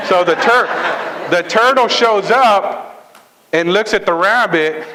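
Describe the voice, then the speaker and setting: A man giving a motivational talk at a sales training event, telling a fable in a lively way and often checking in with the audience. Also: fairly high pitch, poor audio. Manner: lively storytelling, checks in with "right?" and "okay?".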